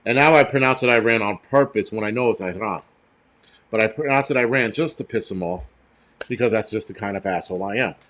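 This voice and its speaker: A man's voice: fairly low pitch, a little fast, a bit bright. An American man hosting a live stream, talking bluntly and profanely in loose, rambling commentary straight to his viewers. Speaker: prepper channel host.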